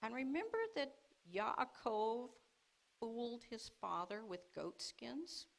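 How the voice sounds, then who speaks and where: A woman's voice: a little high, slow, vocal fry, rough recording. Woman telling a scripture story in a sermon. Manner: lively storytelling, acting out the brothers' lines with laughs. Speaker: speaker at a congregation service. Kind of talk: teaching sermon.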